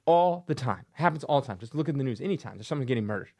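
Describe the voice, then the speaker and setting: Creaky-voiced man ranting sarcastically. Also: mid-range voice, animated, quick pace, darkish tone. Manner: sarcastic, mocking, acts out silly voices. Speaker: comic collector channel host. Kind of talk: casual opinion rant.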